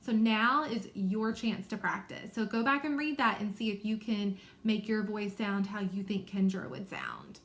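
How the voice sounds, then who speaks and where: A woman teacher giving a recorded reading lesson to young children, explaining patiently and clearly. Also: medium pitch, big pitch swings, normal speed, few pauses, a bit bright.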